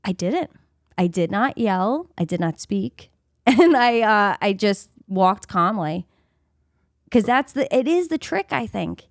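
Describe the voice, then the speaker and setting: Animated woman telling stories on a podcast. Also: mid-range voice, slow, creaky, no room sound, studio quality. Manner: animated storyteller, acts out quoted voices, laughs often. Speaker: podcast co-host. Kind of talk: casual storytelling chat.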